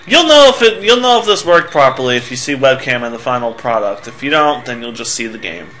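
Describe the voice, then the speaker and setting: A man's voice: medium pitch, animated, a little fast, bright, forceful tone, a little hiss or hum. A young man giving sarcastic, swearing commentary while playing a video game. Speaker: let's player.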